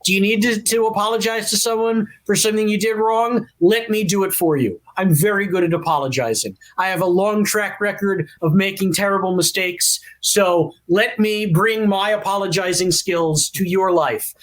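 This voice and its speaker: A man with a high voice tells a story on a podcast as a guest. He is animated and talkative. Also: moderate pace, few pauses. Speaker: actor guest. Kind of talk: podcast interview anecdote.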